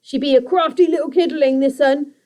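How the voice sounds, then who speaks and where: A woman voicing a bossy male creaker creature, the gruff leader of a monster pack, with a loud hissing growl. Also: sits high, steady tone, a little fast, pitched above the performer's own voice, lightly acted. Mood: spiteful.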